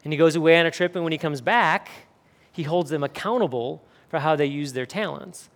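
A male pastor delivers a sermon in an emphatic, earnest manner. His voice sits a little high for a man, and he drives his points home with rhetorical questions. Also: fairly quick, a bit bright.

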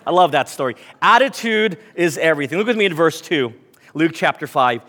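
A man's voice: fairly high pitch, expressive, a little fast, a bit bright, long reverb tail. A man preaching a sermon to his congregation, telling stories and reading scripture aloud. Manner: storytelling, reads scripture aloud, addresses congregation. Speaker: pastor.

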